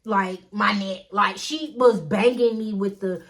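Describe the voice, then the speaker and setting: A woman's voice: mid-range voice, unhurried, a bit bright. A young adult woman telling a personal story casually to her viewers, chatty and digressive, addressing them again and again. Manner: chatty, digressive, says "y'all" constantly. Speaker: storytime vlogger.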